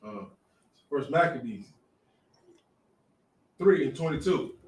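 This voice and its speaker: A man reading scripture verses aloud in a slow, measured way. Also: medium pitch, lively intonation, a little mellow. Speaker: scripture reader. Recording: roomy, distant from the mic.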